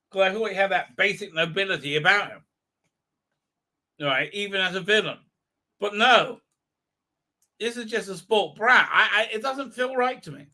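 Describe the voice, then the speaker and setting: A man's voice: high-pitched, sharp tone. A man hosting a livestream, giving rambling, exasperated, crude fan commentary full of fillers. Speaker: livestream host.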